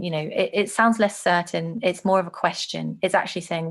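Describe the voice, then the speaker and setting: A woman teaching an online lesson on speech delivery, clearly demonstrating phrases with changing intonation. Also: fairly low pitch, moderate pace.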